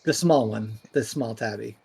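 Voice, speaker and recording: A man's voice: fairly low pitch, moderate pace, gravelly, darkish tone, breathy edge. A man narrating a tabletop game as game master, casual and rambling.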